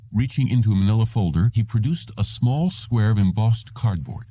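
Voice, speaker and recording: A man reading a story aloud as an audiobook narrator, expressive and scripted. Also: fairly low pitch, fairly quick, hardly any pauses, husky, no echo. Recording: dull, dry lo-fi audiobook recording.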